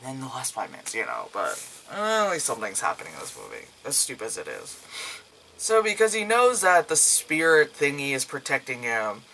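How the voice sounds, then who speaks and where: Bright-voiced young man ranting about a movie. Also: mid-range voice, huge pitch swings, a little fast, vocal fry, a little hiss or hum, rough recording. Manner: profane, rambling, acts out characters' lines in raised voices. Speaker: movie reviewer. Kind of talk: casual spoken movie review.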